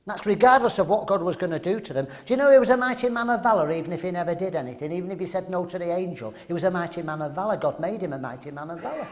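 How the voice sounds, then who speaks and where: A man's voice: sits high, racing, hardly any pauses. An older man from England preaching a sermon, emphatic and full of rhetorical questions.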